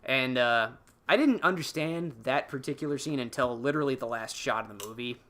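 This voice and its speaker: A man's voice: medium pitch, brisk, pushed and bright. A young man on a podcast, recapping a film in a rambling, casual way, swearing freely. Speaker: podcast co-host.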